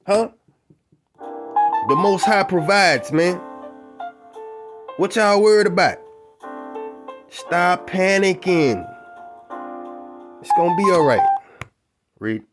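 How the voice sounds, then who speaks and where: Man, high voice, slow delivery, slangy profane commentary, piano music behind. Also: expressive. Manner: call-and-response interjections, slangy and profane. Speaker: channel host. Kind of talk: casual commentary over a reading.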